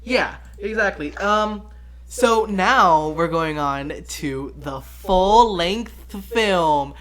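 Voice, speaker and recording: A man's voice: high voice, lively intonation, very slow, a bit bright. A man casually reviewing a musical film with a friend late at night. He rambles, often giggling, swears freely, and retells scenes in quoted voices. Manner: full of fillers and profanity. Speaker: movie reviewer.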